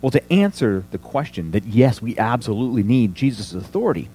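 Animated male preacher with lively pitch. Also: brisk, slight background noise. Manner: animated teaching with rhetorical questions. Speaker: pastor. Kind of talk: sermon.

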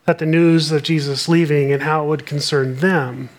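A man with a slightly high voice delivers a sermon. He works through scripture verse by verse and reads passages aloud with earnest emphasis. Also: steady tone, normal speed. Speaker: pastor.

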